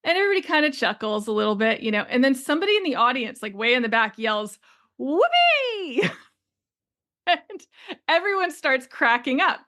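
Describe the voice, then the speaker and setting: Woman in her 40s telling a story on her podcast, kinda high voice, chatty, lots of likes and little laughs. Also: lively intonation, fast, pushed and bright. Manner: chatty, conversational, laughs often, many "like"s. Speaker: podcast host and business coach. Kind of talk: solo podcast monologue, storytelling.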